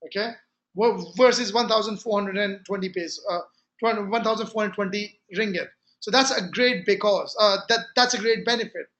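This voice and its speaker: A man's voice: high voice, moderate pace, fairly bright tone. A man giving a sales training talk, emphatic and repeating his key phrases with frequent restarts.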